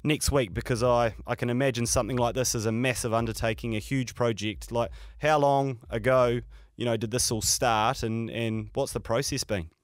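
A man's voice: medium pitch, steady tone, normal speed, dry recording. A man hosting a podcast, asking friendly, matey questions with easy restarts. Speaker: podcast host. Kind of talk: casual interview hosting.

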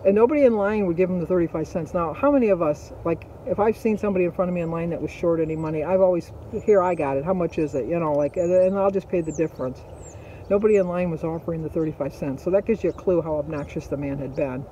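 A man's voice: a little high, fast, mellow, highs cut off, a little hiss or hum. A middle-aged man, vlogging and telling a story in a chatty, rambling way full of fillers. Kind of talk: casual storytelling.

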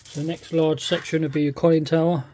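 A man's voice: fairly high pitch, level tone, fast talker, warm tone, a little hiss or hum. A man with a British accent, casually talking through a model kit unboxing, often hesitant and thinking aloud. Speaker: scale model kit reviewer.

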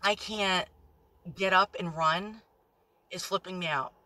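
A woman vlogging on her phone from inside a parked car, rambling anxiously, swearing a lot and talking loudly when nervous. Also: on the low side, fairly even intonation, slow pace, no room sound. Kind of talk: nervous selfie vlog.

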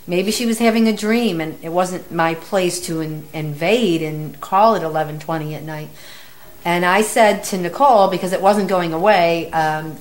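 Middle-aged woman medium, relaxed storyteller with a lowish voice who acts out the quotes. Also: moderate pace. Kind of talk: casual storytelling.

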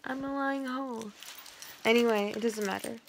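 A woman's voice: fairly high pitch, fairly even intonation, moderate pace, creaky. A young woman rambling casually at home, joking at her own expense, with lots of fillers. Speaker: vlogger. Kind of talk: casual chat. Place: at home indoors. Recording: noisy home recording.

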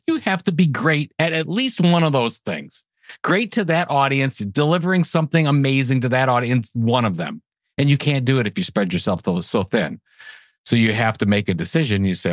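A man talking as a podcast guest in casual interview chat, emphatic and animated as he tells stories. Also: mid-range voice, no echo, clean studio sound.

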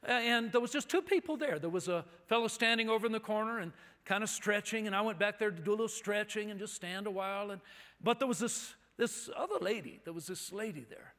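High, bright-voiced male preacher. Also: fast talker. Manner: chatty, anecdotal storytelling with asides. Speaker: guest preacher. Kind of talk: storytelling sermon. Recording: long hall reverb.

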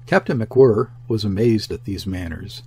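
A man narrating a classic sea novel in a measured, even reading voice. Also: lowish voice, breathy edge. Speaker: audiobook narrator.

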